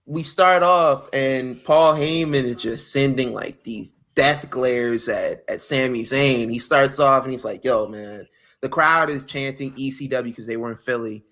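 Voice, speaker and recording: A man co-hosting a podcast, casually and excitedly retelling wrestling segments and acting out quotes with slang. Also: medium pitch, a little slow, few pauses. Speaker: podcast co-host.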